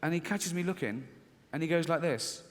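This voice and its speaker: A middle-aged English comedian, pitched fairly high and moving fairly quickly, delivers a stand-up story with lively intonation. He performs the voices inside his head and chuckles at his own jokes, captured in a reverberant recording at a large venue.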